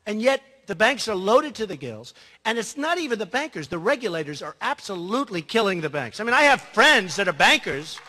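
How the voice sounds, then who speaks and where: A man delivers a rambling campaign speech with a high, lively pitch. His tone is bright and he turns to the crowd with asides. His voice rings out through a large hall with long reverb. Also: brisk. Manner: rambling, boastful, conversational asides to the audience. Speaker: political candidate.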